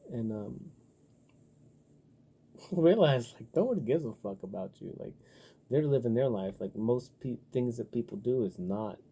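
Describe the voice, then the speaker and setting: Very dark, husky-voiced man rambling. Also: lowish voice. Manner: profane, loose and rambling, heavy on filler words; animated when riled up. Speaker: vlogger. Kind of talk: rambling casual monologue.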